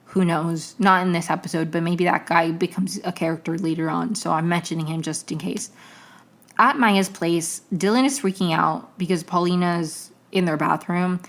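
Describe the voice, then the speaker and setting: A woman's voice: on the low side, fairly even intonation, moderate pace. A young woman hosting a podcast, recapping a TV episode in a rambling, chatty way full of tangents and self-corrections. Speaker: podcast host.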